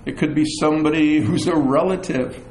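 A middle-aged man preaching a sermon as pastor, animated, with chatty asides and self-deprecating humor. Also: on the high side, a little fast, a little hiss or hum. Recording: echoey room with faint ambience.

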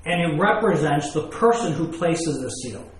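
A man delivering a sermon with a slightly higher-than-average voice. He reads scripture aloud and then unpacks it with plain everyday examples and questions to the listeners. The room gives his voice a noticeable echo. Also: lively intonation, normal speed. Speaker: preacher.

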